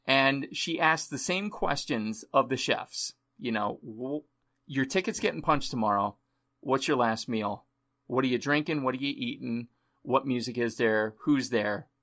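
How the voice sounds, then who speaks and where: A man's voice: medium pitch, a little slow, a bit bright. A man hosting a podcast interview, enthusiastic and openly sentimental. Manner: enthusiastic, gushing, chokes up at times. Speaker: podcast host. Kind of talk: casual interview chat.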